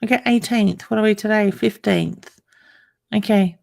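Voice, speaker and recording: A woman working as a psychic medium in a live online reading. She speaks softly and reassuringly, calls people honey and hun, and hesitates with ums and restarts. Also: medium pitch, measured pace, gravelly, no room sound, studio quality.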